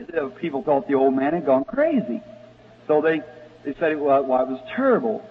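A man preaching in a folksy, storytelling way, his voice a little husky and somewhat high. The old recording sounds tinny and phone-like, with a long reverb from a large hall. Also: normal speed. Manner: folksy storytelling preacher, rises to excited shouting. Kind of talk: sermon storytelling.

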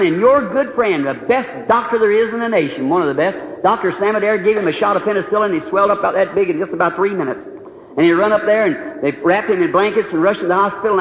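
High-voiced preacher in an echoey hall. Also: male voice, slight background noise. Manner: impassioned storytelling preacher, pleading and rising. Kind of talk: sermon. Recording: echoey hall, dull lo-fi archive recording.

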